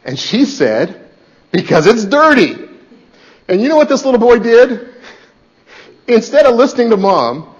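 A man preaching a sermon as pastor, swinging between loud, urgent lines and hushed ones. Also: very high voice, sing-song, normal speed, pauses often, muffled recording.

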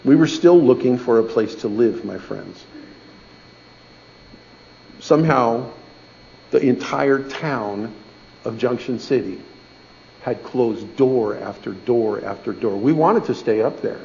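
Middle-aged man, gravelly voice, folksy church testimony, dull lo-fi recording. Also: medium pitch, slow, long pauses, darkish tone, a little hiss or hum. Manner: folksy, conversational, asks "okay?" often. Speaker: speaker giving a testimony in church. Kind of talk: storytelling sermon.

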